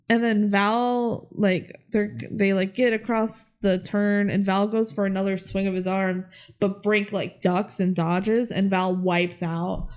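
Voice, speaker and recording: A young woman co-hosts a casual podcast and walks through movie scenes in an animated, storytelling way. She slips in quoted lines and keeps the chat loose and conversational. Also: mid-range voice. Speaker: podcast co-host.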